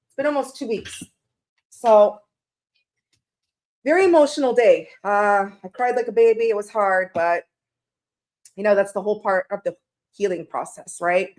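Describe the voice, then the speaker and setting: A woman hosts a tarot livestream in her home room, speaking at normal speed in a darkish mid-range voice and pausing often. She's tearful and emotional, chatting casually and calling out viewers by name.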